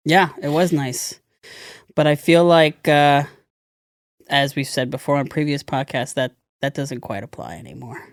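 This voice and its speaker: A man's voice: a little high, fairly even intonation, unhurried, no echo. Rambling self-deprecating man, dry close sound. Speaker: podcast co-host. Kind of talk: casual chat.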